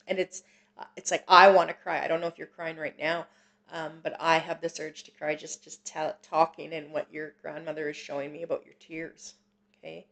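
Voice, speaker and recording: A woman hosting a psychic reading stream, gentle and reassuring, with many pauses and fillers. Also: sits low, completely flat delivery. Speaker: psychic medium host. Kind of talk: live-stream reading, casual chat.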